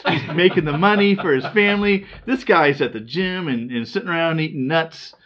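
A man's voice: on the high side, a little fast, a crowd in the background. Male co-host, rambling chatty talker, slightly muffled recording. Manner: chatty, rambling, laughs at his own stories. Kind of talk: casual chat. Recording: slightly dull lo-fi sound.

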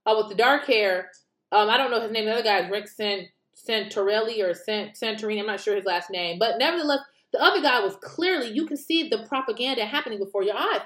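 A fairly high-voiced American woman delivers casual opinion commentary in an echoey room. She is animated and indignant and keeps firing rhetorical questions with mocking asides. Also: fast. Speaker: political commentary vlogger.

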